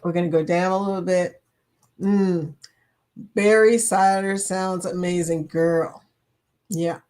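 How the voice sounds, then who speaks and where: A woman's voice: lowish voice, steady tone, slow, a little mellow. A woman in her fifties hosting a casual live chat, reading viewer comments aloud, laughing often and playful. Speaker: livestream host.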